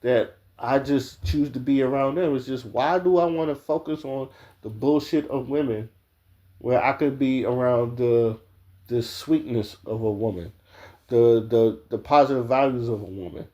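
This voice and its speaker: A man's voice: mid-range voice, normal speed, dark tone. A man giving casual opinion commentary straight to his viewers, blunt and profane, full of restarts and "like". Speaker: video commentator.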